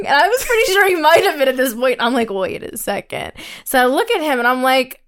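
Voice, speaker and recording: A woman co-hosting a podcast, telling a story in casual chat, animated, acting out quotes, swearing and laughing often. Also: high-pitched, fairly quick, few pauses. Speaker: podcast co-host.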